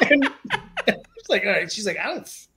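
A man in his forties, a music manager and guest on an interview show, telling stories in a casual, animated way and laughing often. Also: extremely high pitch, slow.

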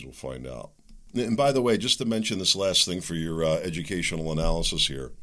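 A man's voice: low voice, a bit bright. A middle-aged man hosting a solo talk show, rambling, joking and opinionated in a conversational way. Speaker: podcast host.

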